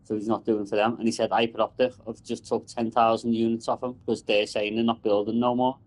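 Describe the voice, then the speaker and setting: A man's voice: lowish voice, level tone, brisk, poor audio. A man, a telecom engineer, rambling and swearing in casual chat about his work.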